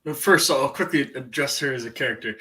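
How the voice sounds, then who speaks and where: A man with a bright, forward voice lays out his take step by step in a casual review chat. He speaks in a measured way, with some fillers. He sounds thoughtful and steady. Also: medium pitch. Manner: measured, analytical, explains his points. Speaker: podcast co-host.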